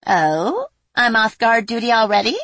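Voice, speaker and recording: A woman's voice: fairly high pitch, big pitch swings, unhurried, fairly bright tone, no room sound, voice pushed up, full character voice. A woman reading a storybook voices a carefree female fairy guard who speaks in a light, offhand way. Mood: breezy.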